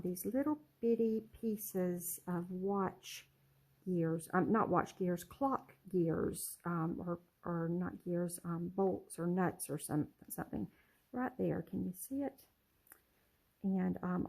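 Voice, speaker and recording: A middle-aged woman casually showing her handmade journals in a vlog, soft-spoken and rambling, with lots of ums and self-corrections. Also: fairly low pitch, gravelly, low-quality recording. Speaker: junk journal crafter showing her work. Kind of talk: casual show-and-tell vlog.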